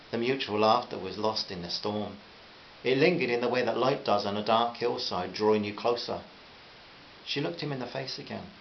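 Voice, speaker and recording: A man reading a short story aloud in a measured, gentle way. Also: fairly low pitch, creaky. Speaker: story reader. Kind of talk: scripted narration. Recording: slightly dull with faint hiss.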